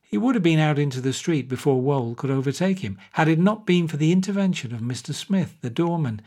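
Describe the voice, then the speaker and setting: A man reading a short story aloud in a measured, wry narration. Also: on the high side, expressive, a little mellow. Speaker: audiobook narrator. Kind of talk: scripted narration.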